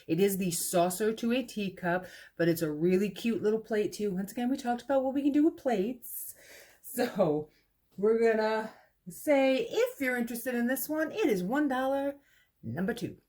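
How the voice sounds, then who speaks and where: Chatty woman pitching vintage sale items. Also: normal speed, warm tone. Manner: chatty and fond, calls items cute little babies; ends each pitch with price and lot number. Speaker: vintage shop owner running an online clearance sale. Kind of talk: casual live sale item presentation.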